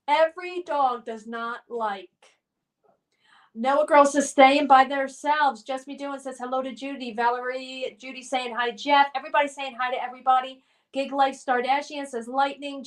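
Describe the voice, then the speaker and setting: Recorded from afar, a woman with a high-pitched voice runs a casual live stream game. She reads out comments from viewers and offers cheerful encouragement.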